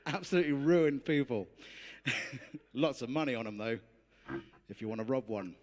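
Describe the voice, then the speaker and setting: A man's voice: medium pitch, measured pace. A comedy musician chatting loosely between songs at a live gig, rambling and laughing at his own asides. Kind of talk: live comedy song set with stage patter. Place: live music venue stage.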